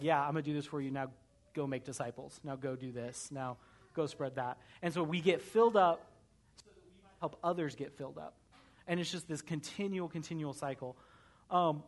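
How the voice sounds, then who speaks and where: Earnest young pastor preaching casually. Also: male voice, a little high. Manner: earnest, conversational, frequent "right?" tags. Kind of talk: sermon.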